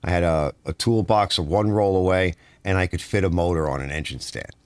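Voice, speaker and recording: Low-voiced guy rambling on his live stream, reading chat, dry close sound. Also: a little fast, no echo. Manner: rambling, chatty, reads comments aloud.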